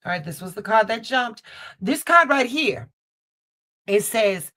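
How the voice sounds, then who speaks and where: A woman's voice: fairly high pitch, big pitch swings, a little slow, sharp tone. A woman giving a live tarot card reading, calling the viewer baby and repeating her phrases for emphasis. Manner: affectionate, calls viewer baby and mama. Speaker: tarot reader. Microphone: basic streaming setup.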